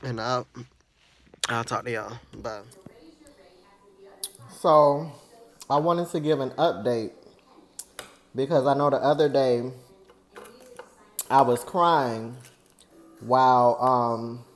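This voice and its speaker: A man's voice: medium pitch, slow, pauses often. A man, talking earnestly and at length to his viewers in a personal vlog, venting about a friend. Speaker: vlogger.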